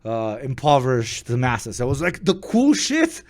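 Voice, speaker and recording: A man from Europe, hosting a casual chat and telling stories in an animated, profane way. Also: mid-range voice, a little slow. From Eastern Europe. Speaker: stream host.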